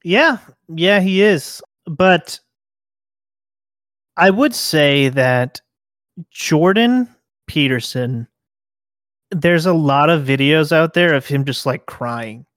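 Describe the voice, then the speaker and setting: Giggly, halting male podcast co-host. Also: on the high side, lively intonation, a bit bright, dry recording, studio quality. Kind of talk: crude comedic podcast chat.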